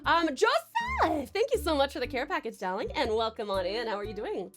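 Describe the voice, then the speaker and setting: A woman's voice: high voice, big pitch swings, fairly quick, faint music behind. A young woman streaming live, greeting chat, gushing and swearing casually, calling viewers darling. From Tasmania, Australia.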